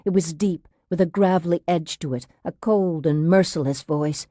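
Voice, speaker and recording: A woman reading a thriller audiobook aloud in a tense, steady narration. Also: fairly low pitch, moderate pace, no echo, clean studio sound. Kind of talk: scripted narration.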